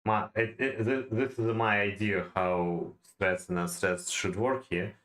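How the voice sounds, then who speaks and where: Brief: man, slow deliberate delivery, low voice, hesitant study-aloud tone. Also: steady tone, fairly bright tone, poor audio. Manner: halting, many fillers and restarts, non-native phrasing. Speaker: self-taught poetry learner. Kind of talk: thinking-aloud study session.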